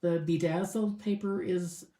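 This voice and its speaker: Woman, low voice, casual crafting tutorial, chatty, thinking aloud, echoey room. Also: fairly even intonation, a little slow, mellow, a little hiss or hum. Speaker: crafting demonstrator.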